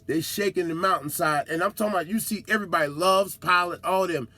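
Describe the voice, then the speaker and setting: A man's voice: sits high, quick pace, bright, forceful tone. A man who drives trucks, telling road stories in a casual, slangy monologue, acting out other drivers and whooping.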